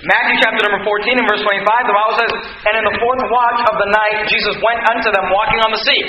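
A man preaching a sermon, reading scripture aloud and then explaining it with animated asides. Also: high voice, fast, roomy sound, dull audio, slight background noise.

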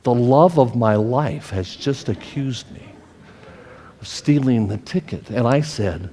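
A man's voice: mid-range voice, expressive, slow pace, mellow, long reverb tail, a little hiss or hum. A male pastor preaching a sermon, telling a personal story with feeling and often repeating and restarting his phrases.

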